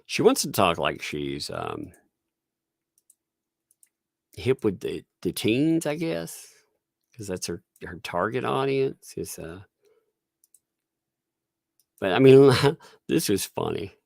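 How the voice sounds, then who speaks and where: A man's voice: lowish voice, huge pitch swings, slow, vocal fry, pauses often, darkish tone, dry recording, clean studio sound. A man hosting a casual livestream, rambling and laughing often. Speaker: livestream host.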